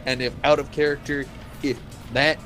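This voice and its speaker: A man player chatting casually at a tabletop game, with animated asides. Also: medium pitch, normal speed, faint music behind.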